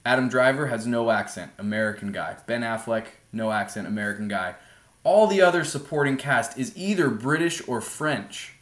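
A man chatting as a podcast guest about films, ranting in an animated, opinionated way into a laptop mic. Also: mid-range voice, moderate pace, echoey room. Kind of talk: casual film chat. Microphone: laptop built-in mic.

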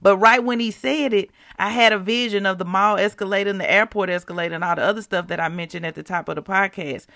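A woman's voice: mid-range voice, steady tone, fast talker, few pauses, pushed and bright, no echo, clean studio sound. A woman hosting a devotional podcast, chatting casually and asking the listeners rhetorical questions.

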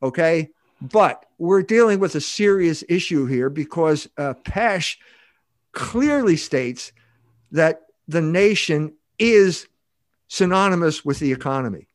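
Older male guest, high-leaning voice, dry close sound, emphatic and rambling. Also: expressive, slow, no room sound. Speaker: guest author. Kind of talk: podcast interview.

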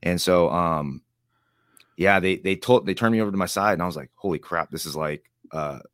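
A man's voice: low voice, moderate pace, a bit bright, no room sound, studio quality. A man speaking as an interview guest, rambling and acting out other people's lines with laughs. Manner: rambling, acts out quoted voices with laughs. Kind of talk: casual storytelling interview.

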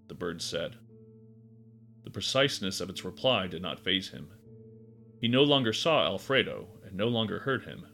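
A man reads a dark story aloud in a measured, expressive way. His voice is bright and fairly low, and his intonation moves a lot. Faint instrumental music plays beneath him. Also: vocal fry. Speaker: narrator. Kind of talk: dramatic audiobook narration.

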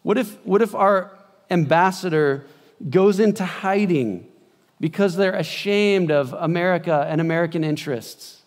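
A male pastor preaches in a loose, conversational way, with a voice set a bit higher than most men's. He swings between loud, lifted bursts and quiet, hushed stretches. A long reverb trails after his words, as if he is speaking in a large church. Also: moderate pace. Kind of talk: sermon.

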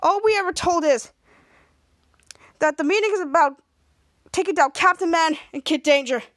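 A woman's voice: extremely high pitch, normal speed, a bit bright, no room sound, clean studio sound. Woman doing a whiny Canadian crook. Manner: ends lines with "eh". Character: panicky male crook with a Canadian "eh".

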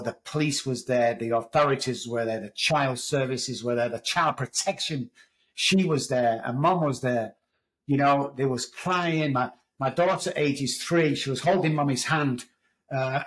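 A middle-aged Englishman with a medium-pitched voice appears as a podcast guest, and the recording is rough. In this storytelling interview, he recounts his story candidly and rawly, swearing freely.

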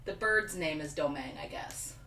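A woman's voice: deep voice, moderate pace, vocal fry, pushed and bright. A young woman hosting a podcast, casually retelling a folktale with lots of "like"s. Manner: loose, filler-heavy retelling with many "like"s. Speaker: podcast host. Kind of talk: casual storytelling chat. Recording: roomy room, distant mic, faint hiss.

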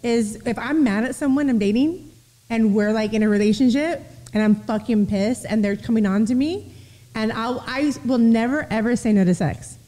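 A young adult woman hosting a casual interview, blunt and crude, with quick interjections and frequent laughs. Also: fairly high pitch, dark tone, long reverb tail. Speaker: podcast host.

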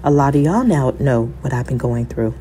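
Woman podcast host, low warm voice, emotional and preachy, faint hiss. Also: animated, normal speed. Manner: emotional, preachy, addresses listeners as y'all; quotes scripture in a sermon cadence. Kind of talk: faith-filled personal storytelling.

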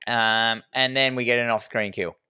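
A man's voice: mid-range voice, steady tone, moderate pace, bright, forceful tone, clean tone, no echo, clean studio sound. A man, co-hosting a podcast and recapping a horror film in irreverent casual chat, swearing freely. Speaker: podcast co-host.

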